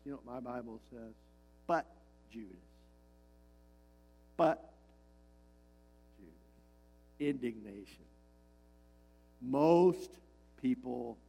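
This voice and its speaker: A man's voice: medium pitch, takes it slowly, creaky, long pauses, dark tone, low-quality recording. A male pastor preaching a sermon, emphatic and repeating his key lines, with frequent rhetorical questions to the congregation.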